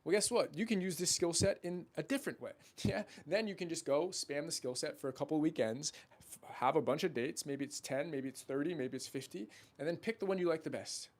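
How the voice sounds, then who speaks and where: A man's voice: a little high, fairly quick. A young man coaching on dating, talking in a brash, profane, salesy way straight to the camera, and now and then acting out his friends' voices. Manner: acts out friends' voices in quotes. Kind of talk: casual talking-head monologue.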